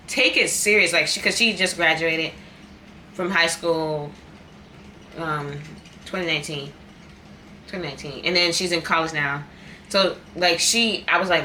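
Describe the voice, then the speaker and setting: A woman's voice: lowish voice, normal speed, pushed and bright, a little hiss or hum. A young woman in a casual eating vlog, talking candidly and repeating herself for emphasis. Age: young adult. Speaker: vlogger. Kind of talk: casual chat while eating.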